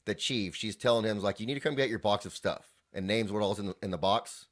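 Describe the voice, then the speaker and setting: A man with a fairly low voice chats about a TV show on a podcast. He retells scenes in quoted lines and laughs easily along the way. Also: quick pace. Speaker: podcast co-host. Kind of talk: casual chat about a TV show.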